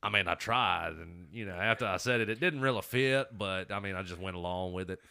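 Podcast host, low-pitched man with a sharp, bright voice, profane and rambling. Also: brisk, creaky. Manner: rambling, profane, laughs often. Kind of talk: casual chat, storytelling.

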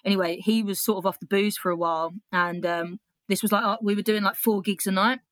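A woman's voice: mid-range voice, fairly even intonation, fairly quick, a bit bright, no echo. A young British woman, a comedian and poet, telling a story casually with swearing and laughter, then reading a poem aloud. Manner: chatty, swears freely, laughs between lines.

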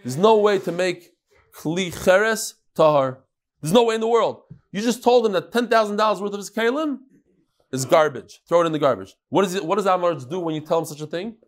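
A man teaching a Talmud lesson in an animated way, acting out the sages' exchanges and mixing in Hebrew and Aramaic terms. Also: high-pitched, fairly quick.

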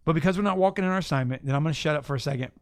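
Male host, casual preacher, lively and playful, slightly high voice, dry studio mic. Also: racing, no room sound. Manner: animated, preachy, playful asides. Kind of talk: casual faith talk.

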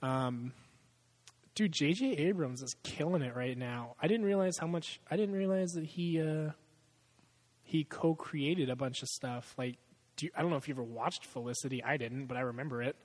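A man's voice: on the high side, moderate pace, a little mellow, in a large hall. A man in a casual movie chat, rambling and swearing a lot, often breaking into laughter.

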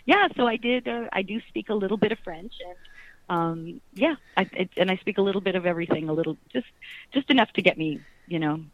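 A middle-aged actress talking animatedly in an interview, laughing often and rambling with restarts. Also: female voice, mid-range voice, animated, fast, dry recording, dull audio. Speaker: actress, guest. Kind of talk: casual interview chat.

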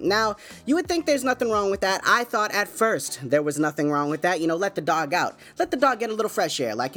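A man's voice: high-pitched, a bit bright. Chatty laid-back man telling a story. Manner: laid-back, chatty, many fillers like "man" and "you know what I'm saying". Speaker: podcast host. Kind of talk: casual storytelling monologue. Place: home.

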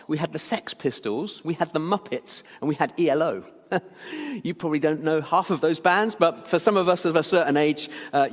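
A British pastor in his fifties telling a childhood story in a sermon, chatty and anecdotal, with many fillers and restarts. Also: a little high. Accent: British English. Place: church. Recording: long church hall reverb.

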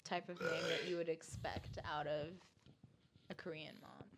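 A woman's voice: deep voice, little pitch movement, measured pace, a little hiss or hum. A young woman guesting on a casual podcast, blunt and teasing, swearing freely.

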